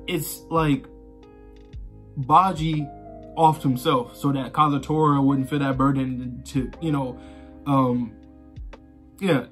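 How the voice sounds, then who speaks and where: A man casually talking through his reaction to a manga, rambling and conversational, swearing freely and filling gaps with "you know" and "like.". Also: mid-range voice. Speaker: manga reaction channel host.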